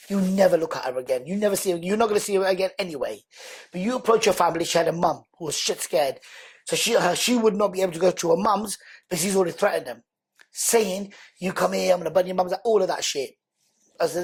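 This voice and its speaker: Husky man telling his story. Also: high voice, fast talker. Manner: animated, acts out quoted dialogue. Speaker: podcast guest. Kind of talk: conversational storytelling.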